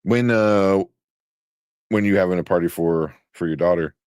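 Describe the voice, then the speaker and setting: A man in his thirties, co-hosting a casual chat show, telling lively stories, swearing casually and laughing often. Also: deep voice, normal speed, smooth, no echo, studio quality. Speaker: co-host.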